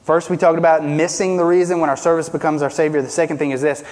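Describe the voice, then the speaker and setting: High-voiced man preaching in a reverberant hall. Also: little pitch movement, fast talker, darkish tone. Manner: preaching with rhetorical questions, pitch and volume swinging widely. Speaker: pastor. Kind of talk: sermon.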